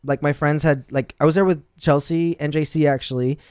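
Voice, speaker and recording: Young guy hosting a chill chat, smooth clear voice, super effusive, totally dry sound. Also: on the high side, a little fast, no echo. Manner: warm, effusive, animated storytelling. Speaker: host. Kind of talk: casual chat.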